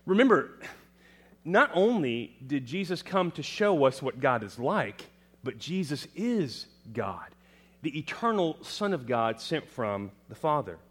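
A man delivering a sermon with a very lively, swinging pitch. He rises to loud, emphatic proclamations and sinks back to quiet low lines, often putting questions to the congregation and answering them himself. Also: a little slow, breathy edge. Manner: dramatic, rising to loud emphatic proclamations then dropping low. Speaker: preacher.

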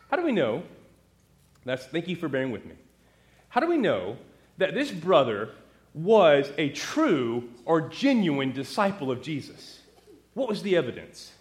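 A man preaching a sermon, animated and talking straight to the congregation with rhetorical questions. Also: a little high, measured pace. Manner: asks the audience rhetorical questions; animated, talks straight to the crowd.

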